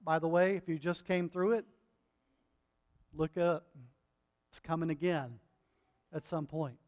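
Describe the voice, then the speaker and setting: A middle-aged man preaching a sermon as pastor, impassioned and building to loud repeated refrains, often checking in with the congregation. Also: a little high, fairly even intonation, a little slow. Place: church sanctuary. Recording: long hall reverb.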